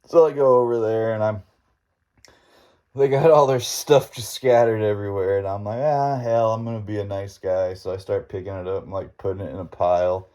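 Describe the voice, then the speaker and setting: A man's voice: lowish voice, fairly even intonation, moderate pace, mellow. Laid-back man spinning a folksy yarn. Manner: rambling, laid-back, chuckling storyteller with folksy grammar. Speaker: podcast host. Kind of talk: casual storytelling monologue.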